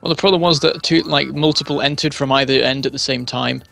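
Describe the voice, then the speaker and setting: A man with a gravelly, bright voice talks casually while playing a multiplayer game with friends. He works his way through explanations, stopping often to fill gaps. The sound is crisp and close. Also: fairly high pitch, steady tone, fast, faint music behind. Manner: rambling explanations with fillers. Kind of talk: casual gaming chat.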